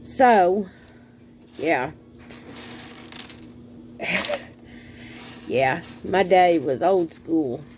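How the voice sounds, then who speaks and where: A middle-aged woman with a Southern accent talks slowly and unhurriedly, full of folksy asides and soft sighs. She rambles in casual cooking chat. A faint hum of background noise sits under her voice. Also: lowish voice. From American South. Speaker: cooking vlogger.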